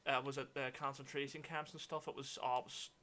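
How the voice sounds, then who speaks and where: A Northern Irish man hosting a gaming livestream, chatting in a lively way and greeting viewers while he plays. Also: mid-range voice, brisk, a loud crowd. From Northern Ireland. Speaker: streamer host. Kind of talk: casual chat on a gaming livestream.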